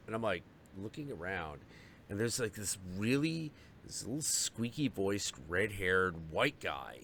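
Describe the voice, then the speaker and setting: A man with a lowish, gravelly voice talks a little slowly over a faint hiss or hum. Hosting a live stream, he tells a story as a casual, profane rant, animatedly acting out the voices of the people in it.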